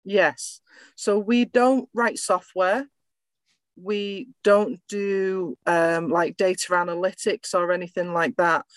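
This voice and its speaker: A woman's voice: fairly low pitch, steady tone, slow, no echo. Friendly English-accented woman, dry sound. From England. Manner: friendly, conversational, explains plainly. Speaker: IT business owner, guest. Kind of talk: casual interview chat.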